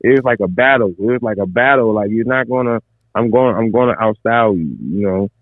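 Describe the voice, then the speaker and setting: A man from Minneapolis with a fairly low voice chats casually on a podcast, easygoing and unhurried. His voice comes through a thin, tinny, phone-like line with a dry, close sound. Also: no room sound. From Minneapolis, USA. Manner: laid-back, repeats "bro" and "man". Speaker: podcast co-host. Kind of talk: casual chat.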